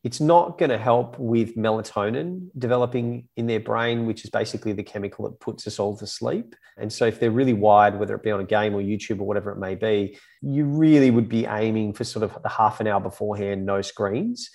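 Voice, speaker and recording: Man, 30s, low voice, explanatory, casual podcast chat. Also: brisk, creaky, few pauses, a little mellow. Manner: explanatory, chatty, self-deprecating. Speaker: child psychology expert guest.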